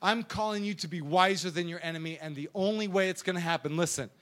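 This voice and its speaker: A young adult man preaching as a youth pastor, telling stories in a lively, animated way. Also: high-pitched, fast talker. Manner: animated storytelling with sound effects and acted voices.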